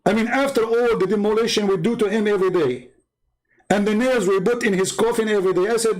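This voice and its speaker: Male stream host, high voice, emphatic polemical debater, broken English grammar. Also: steady tone, fast talker, low-quality recording.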